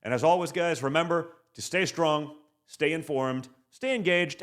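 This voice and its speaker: A man hosting a political interview show, talking quickly and emphatically and tagging his asks with "okay". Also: on the high side, a bit bright. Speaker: podcast host.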